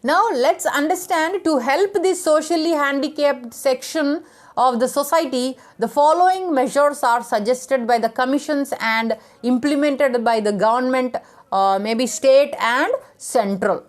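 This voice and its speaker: A woman's voice: high voice, measured pace. A woman teacher giving an education lecture, reading out numbered points with occasional fillers and restarts.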